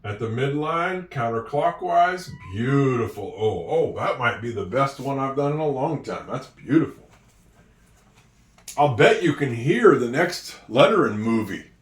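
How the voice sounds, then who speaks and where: A man teaching handwriting and spelling at a board, with slow, encouraging talk and drawn-out words. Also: mid-range voice, animated. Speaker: English teacher. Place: room with a whiteboard. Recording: echoey room, voice from a distance.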